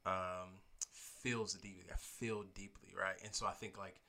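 A man in casual podcast conversation, his voice a little low but bright and forward. He speaks earnestly and thoughtfully and laughs easily. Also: flat delivery, a little slow, creaky. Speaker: podcast co-host, pastor. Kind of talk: casual chat.

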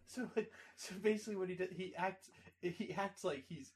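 A young man in casual chat, halting with fillers and restarts as he tells stories. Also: high voice, a little hiss or hum.

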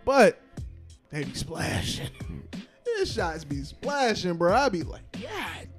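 Man, young adult, podcast co-host, casual, slangy, higher voice, faint music behind. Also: very animated, slow. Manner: laid-back, joking, slangy. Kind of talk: casual chat.

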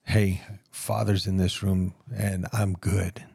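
A deep, flat-toned man with a gravelly, husky voice asks questions quietly on a casual podcast. The sound is dry and close, with nothing behind it. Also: takes it slowly, no echo. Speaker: podcast co-host. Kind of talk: casual chat.

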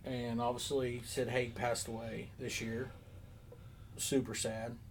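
A man's voice: medium pitch, level tone, takes it slowly, a little hiss or hum, low-quality recording. A man chatting casually on a podcast, telling a long story with lots of fillers and asides. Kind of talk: casual chat.

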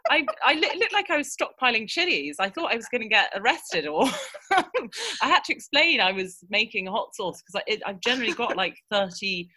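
A woman's voice: on the high side, very animated, normal speed, pushed and bright. A woman chatting enthusiastically as a guest on a food podcast, laughing often and restarting her sentences. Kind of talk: casual podcast chat.

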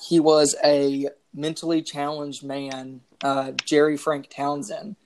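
A woman's voice: sits low, level tone, slow, a little mellow, a little hiss or hum. Chatty woman rambling through true crime. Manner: rambling, many "like" fillers. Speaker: podcast co-host. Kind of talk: casual true-crime chat.

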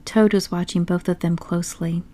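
A woman narrating a classic story aloud in a measured, expressive way. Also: on the low side. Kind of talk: audiobook storytelling.

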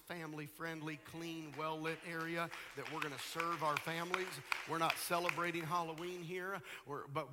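A middle-aged man preaching a sermon as pastor, emphatic, with rhetorical questions and quieter asides. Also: fairly high pitch, in a large hall, slight background noise.

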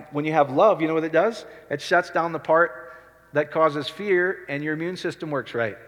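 A male pastor preaching a sermon in a conversational way, often rising to excited emphasis. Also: medium pitch, in a large hall.

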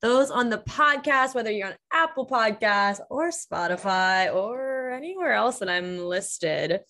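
A woman's voice: fairly high pitch, animated, unhurried, sharp tone. A young woman hosting her own podcast, talking unscripted, emotional and laughing, swearing freely as she chats. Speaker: podcast host. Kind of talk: unscripted casual podcast talk.

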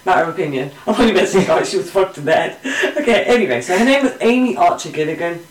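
A woman co-hosting a casual true crime podcast, swearing a lot and jumping into loud bursts of outrage. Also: lowish voice, lively intonation, very fast, recorded from a distance. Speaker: podcast co-host. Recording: echoey room, voice a bit off-mic.

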